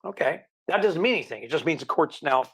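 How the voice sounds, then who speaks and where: A man's voice: fairly high pitch, lively intonation, rapid-fire, a bit bright, breathy edge. A middle-aged man from the UK, a guest telling casual, rambling stories full of quoted dialogue. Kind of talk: casual storytelling.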